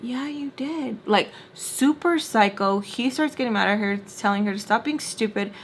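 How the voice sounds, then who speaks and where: A young woman casually telling a story while doing her makeup, animated and full of fillers. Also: medium pitch, moderate pace, a little hiss or hum. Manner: animated, filler-heavy retelling with quoted voices. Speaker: storytime vlogger.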